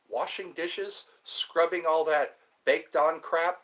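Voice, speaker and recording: A man's voice: a little high, steady tone, takes it slowly, a bit bright. A man streaming live, rambling and joking as he chats with his viewers. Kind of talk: casual live-stream chat.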